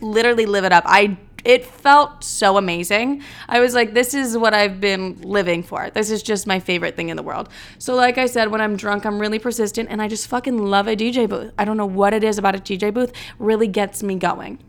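Chatty young woman with vocal fry. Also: medium pitch, fairly quick. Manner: chatty, rambling, swearing, acts out quotes. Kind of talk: casual storytelling monologue.

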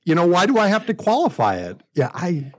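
An American man in his fifties co-hosts a podcast in a relaxed, casual conversation. He talks candidly and pokes fun at himself. His thoughts ramble and double back with frequent restarts. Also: high voice, brisk. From United States. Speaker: podcast co-host.

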